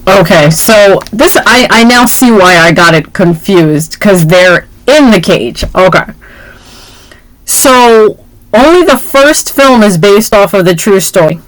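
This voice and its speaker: A woman co-hosting a casual movie chat, playful and animated, joking around as she talks. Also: medium pitch, slow pace, no echo, poor audio. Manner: playful, animated, jokes and puts on voices. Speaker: podcast co-host.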